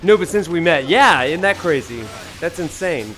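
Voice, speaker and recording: A man's voice: on the high side, expressive, moderate pace, fairly bright tone. A man with a Southern US drawl hosting a live gameplay stream, greeting chat viewers with enthusiasm. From Alabama, USA. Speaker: streamer and professor. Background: faint game music.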